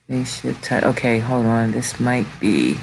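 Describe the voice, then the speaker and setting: Halting man hosting a video call. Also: mid-range voice, animated, creaky, a little hiss or hum, rough recording. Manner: halting and distracted, full of restarts and "hold on". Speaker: show host sharing his screen. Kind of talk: casual live video chat.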